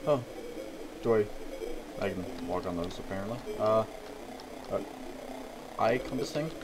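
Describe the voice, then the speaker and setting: A man's voice: fairly low pitch, lively intonation, measured pace, noisy background. A man hosting a let's play of a horror game, with jittery, profane, self-mocking commentary. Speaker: gaming video host.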